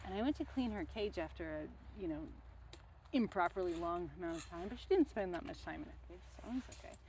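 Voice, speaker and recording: A woman's voice: on the low side, expressive, quick pace, darkish tone, a little hiss or hum. A young woman telling rambling stories in a casual, chatty way while working on a fence outdoors. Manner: rambling, chatty, with many fillers and asides.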